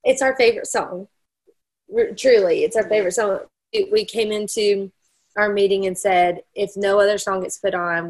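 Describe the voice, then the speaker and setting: A woman's voice: lowish voice, a little mellow, husky, rough recording. A woman in a band, speaking sincerely about a song during a video-call interview. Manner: heartfelt and sincere. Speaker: musician, band member guest. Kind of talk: casual interview chat.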